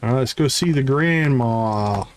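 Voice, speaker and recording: A man's voice: mid-range voice, normal speed, a little hiss or hum. A man streaming a farming game live, dropping wry asides between the dialogue.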